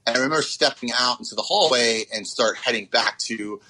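A man in his forties recalling a hard day in an interview, often pausing and restarting with fillers. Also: mid-range voice, sharp tone, poor audio. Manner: halting, many fillers and restarts. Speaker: interview guest. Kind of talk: personal recollection interview.

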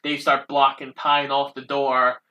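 A man's voice: medium pitch, monotone, measured pace, pushed and bright, muffled recording. A man co-hosting a casual movie recap, retelling scenes step by step and swearing casually.

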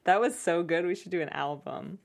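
A woman hosting a casual entertainment talk show, playful and quick to quote film lines in put-on voices. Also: on the low side, gravelly. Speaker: host. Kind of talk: casual chat.

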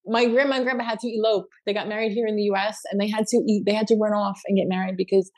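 A woman from the United States, a guest singer, telling stories in lively, casual podcast talk. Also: medium pitch, very fast. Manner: lively storyteller, laughs easily.

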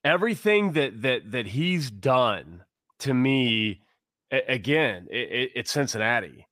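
A man's voice: medium pitch, animated, unhurried, a bit bright, dry recording, studio quality. A man co-hosting a casual sports talk show, speaking with passion and rambling through many restarts. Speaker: podcast co-host.

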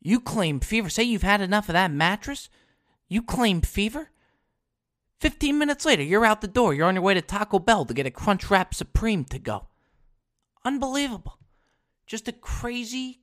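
Animated man hosting a comedy podcast. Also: normal speed. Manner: animated storyteller, swings from loud bursts to low asides; blunt, swears casually. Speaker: podcast host. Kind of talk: comic solo podcast monologue.

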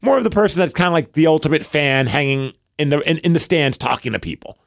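A man's voice: a little high, lively intonation, fast, gravelly, no echo, studio quality. A man from Brooklyn with a New York accent, co-hosting a podcast and telling a long story in casual chat, rambling and acting out the voices of the people he quotes. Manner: rambling, acts out quoted dialogue. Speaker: podcast co-host.

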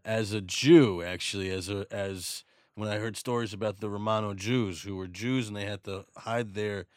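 A man's voice: lowish voice, steady tone, normal speed, no echo, studio quality. A man hosting a casual chat about a film, joking and cutting in to steer the talk. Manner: jokey, interrupting, steers the talk. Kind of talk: casual movie discussion.

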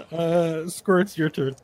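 Male game master, bright and tense-toned, easygoing, laughs a lot as he narrates. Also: mid-range voice. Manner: laid-back, laughing narration with restarts.

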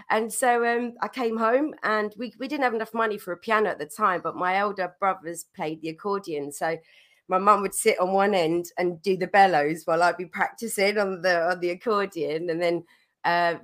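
Woman guest getting over a cold, chatty storyteller who laughs a lot. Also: medium pitch. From London, England. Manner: chatty, laughs often, many restarts. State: recovering from a cold. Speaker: podcast guest, musician. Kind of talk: casual storytelling.

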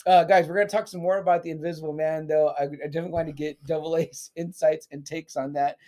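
A man co-hosting a casual movie-review podcast, animated and profane, acting out scenes in quick little impressions. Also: a little high. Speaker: podcast co-host.

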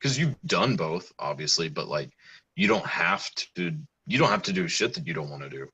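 A man in casual podcast chat, relaxed and agreeable, mostly backing the other speaker up. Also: low-pitched, moderate pace, breathy edge, dull audio.

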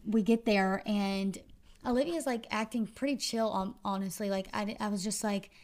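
Woman guest rambling through a story, lots of likes and ums, pretty flat pitch. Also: normal speed. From Arkansas. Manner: chatty, many fillers and restarts. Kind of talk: casual storytelling.

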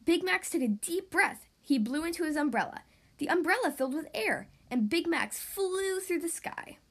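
A woman hosting a children's podcast, reading a storybook aloud in an expressive way. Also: extremely high pitch, normal speed. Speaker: podcast host and reader.

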